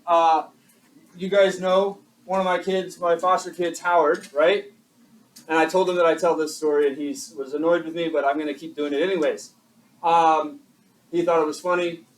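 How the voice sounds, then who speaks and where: A young man teaching a high school class, his voice notably high and chatty. He jokes at his own expense and keeps throwing questions to the students. He is recorded from across a classroom, distant with a faint hiss beneath. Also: level tone, moderate pace, a bit bright. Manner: chatty, self-deprecating, asks the class questions. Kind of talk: classroom lecture.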